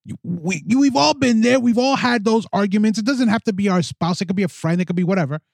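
A man's voice: sits high, quick pace, creaky, no room sound. A man hosting a podcast, reading a letter aloud and then ranting indignantly, with mocking impressions of the other side. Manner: animated, indignant, mocking put-on voices. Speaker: podcast host. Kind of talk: opinion podcast monologue. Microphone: studio microphone.

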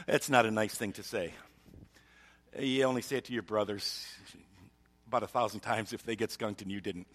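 A man's voice: on the low side, unhurried, pauses often, fairly bright tone, breathy edge. A male pastor giving a sermon in a humorous storytelling way, chuckling often.

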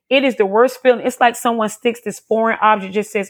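A woman's voice: fairly high pitch, brisk, few pauses. A woman giving an emotional personal testimony as an interview guest, talking earnestly and repeating herself as she tells her story.

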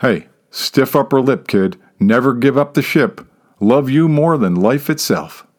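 A man's voice: medium pitch, lively intonation, unhurried, a little mellow, close to an everyday voice. A man voicing a cheerful young husband who talks in breezy, upbeat clichés in a storybook reading.

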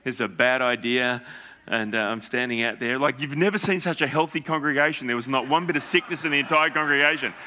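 A male pastor preaching through lively, animated stories. His voice sits a little high and sounds bright and forceful. He slips into the people he quotes as he tells each story. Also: fast talker, few pauses. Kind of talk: storytelling sermon.

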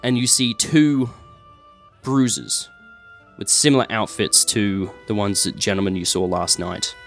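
A man's voice: fairly low pitch, steady tone, measured pace, a bit bright, soft background music. A man narrating a tabletop game as game master, describing scenes with many fillers and sound effects.

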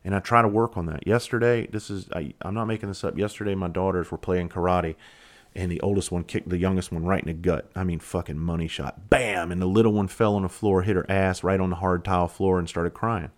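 A man hosting a podcast, talking candidly and reflectively, blunt and quick to swear. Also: sits low, steady tone. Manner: reflective, halting. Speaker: podcast host. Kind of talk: casual solo podcast monologue.

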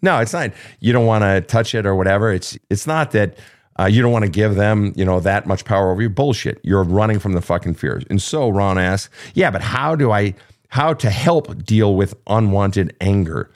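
A man's voice: fairly low pitch, normal speed. A man hosting a live advice talk show, answering listener questions in a blunt, profane and emphatic way. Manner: animated, acting out emotional outbursts. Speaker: podcast host.

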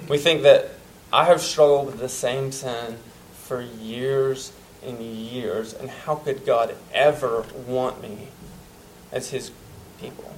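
A man preaching a sermon, earnest and emphatic, dropping to soft tones at tender moments. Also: mid-range voice, fairly even intonation, takes it slowly, slight background noise, low-quality recording.

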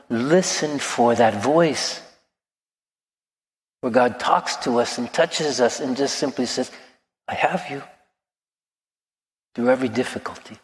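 A man around sixty, a priest, preaching a sermon in a gentle, reflective storytelling manner. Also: medium pitch. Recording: long reverb of a large hall.

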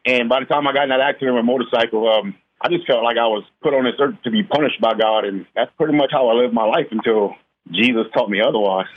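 A man's voice: medium pitch, fast. A middle-aged man from South Louisiana with a Cajun accent, telling his story plainly and candidly as a guest on a radio show. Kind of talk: radio interview testimony. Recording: phone line.

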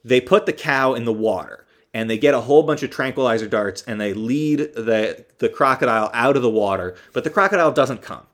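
A man's voice: medium pitch, brisk, few pauses. A man hosting a podcast who recaps a movie in a casual, rambling, joking way, correcting himself as he goes. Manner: rambling, joking, with many ums and self-corrections. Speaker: podcast host.

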